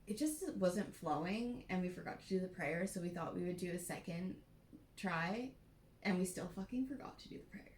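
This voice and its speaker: A woman's voice: fairly low pitch, normal speed, slight background noise. Joking woman co-host in an echoey room. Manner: joking, laughs loudly, swears casually. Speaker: podcast co-host. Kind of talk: casual chat.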